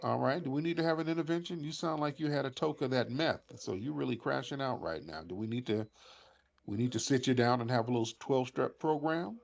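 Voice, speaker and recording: A man's voice: mid-range voice, fast, gravelly. A man hosting a live call-in show who mocks and talks down to an angry caller. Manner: mocking, condescending, lively. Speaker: show host. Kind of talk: heated call-in argument.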